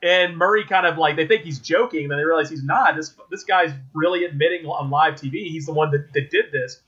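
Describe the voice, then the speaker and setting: A man co-hosts a casual film-review podcast, racing through a scene recap and acting out each line with animated energy. His voice is bright and a little tense, sitting slightly high for a man. The recording is dull and lo-fi. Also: brisk, breathy edge. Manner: animated retelling, acts out quotes, frequent restarts. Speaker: podcast co-host. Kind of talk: casual movie review chat.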